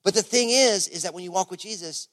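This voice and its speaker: During a church service, a male pastor preaches a sermon in a casual, conversational style, peppered with fillers like "you know." His voice sits high, with a fairly bright tone, and he talks fast.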